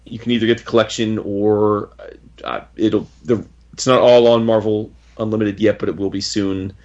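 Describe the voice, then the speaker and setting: A man's voice: on the low side, fairly even intonation, normal speed, a little mellow. A man casually reviewing a comic book on a podcast, enthusiastic and rambling, with frequent restarts. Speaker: podcast co-host. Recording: dull lo-fi audio.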